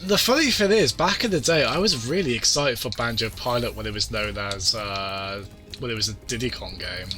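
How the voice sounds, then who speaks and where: A man streams a video game and chats casually over the game music, rambling from thought to thought and restarting sentences. His mid-range voice is expressive and sharp-toned, at a normal speed.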